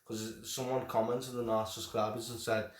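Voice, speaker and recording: A man co-hosting a reaction channel, relaxed and chatty with short replies. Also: fairly low pitch, moderate pace. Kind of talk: casual chat. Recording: echoey room, distant mic.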